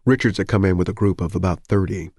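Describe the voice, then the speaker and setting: In this scripted audiobook, a male narrator reads from a novel in a very low, deep voice. The delivery stays steady and measured, captured up close with a dry sound and no room reverb.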